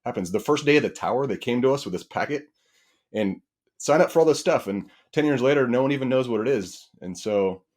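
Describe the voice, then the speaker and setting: A man who is a firefighter and property investor, chatting on a podcast as an animated storyteller who acts out quoted back-and-forth dialogue. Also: medium pitch, brisk. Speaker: firefighter and real estate investor. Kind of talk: casual podcast conversation.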